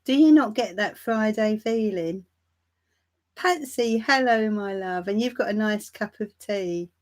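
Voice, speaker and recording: A woman hosting a tarot live stream, chatting warmly and calling viewers darling and my love. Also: mid-range voice, unhurried. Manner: laughs lightly between remarks. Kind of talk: casual livestream chat greeting viewers.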